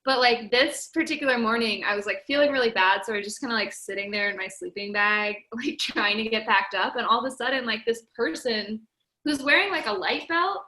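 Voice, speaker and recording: A woman's voice: fairly high pitch, a little fast, bright, forceful tone, poor audio. A young woman in her twenties, telling her hiking story in a casual, chatty way with frequent laughs and fillers. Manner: chatty, laughing often, lots of "like". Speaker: podcast guest, record-setting hiker. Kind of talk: casual podcast interview.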